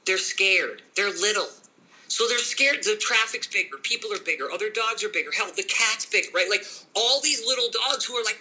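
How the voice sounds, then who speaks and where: A middle-aged man talking casually as a dog trainer, animated and quick to act out owners and dogs in little voices. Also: high voice, low-quality recording. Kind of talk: casual podcast conversation.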